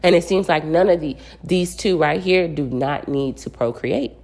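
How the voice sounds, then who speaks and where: A woman's voice: on the low side, normal speed, creaky, darkish tone. A woman vlogger giving emphatic, repetitive relationship advice to women in casual commentary.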